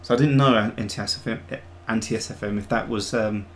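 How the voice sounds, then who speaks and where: A man's voice: fairly low pitch, steady tone, fast talker. A middle-aged man chatting casually on a live stream, thinking aloud as he sculpts a 3D model. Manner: easygoing, thinking aloud while working.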